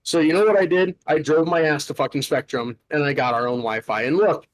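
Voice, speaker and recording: A man's voice: fairly high pitch, a little fast, rough recording. A young man hosting a podcast, telling a story in a casual, exasperated rant full of swearing and filler words. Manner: profane, exasperated ranting with many filler "like"s. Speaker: podcast host.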